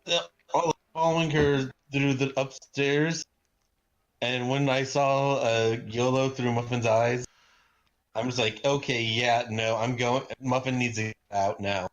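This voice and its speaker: A man's voice: mid-range voice, fairly even intonation, a little slow. A man plays a tabletop game, joking and stirring up mischief. The audio is muffled and lo-fi. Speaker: player. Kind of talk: tabletop play.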